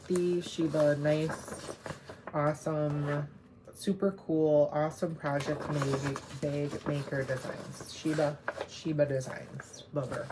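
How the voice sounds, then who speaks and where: A woman's voice: sits low, steady tone, takes it slowly, background noise. A woman vlogger chatting casually as she shows cross-stitch threads and supplies, rambling and correcting herself as she goes. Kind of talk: casual show-and-tell chat.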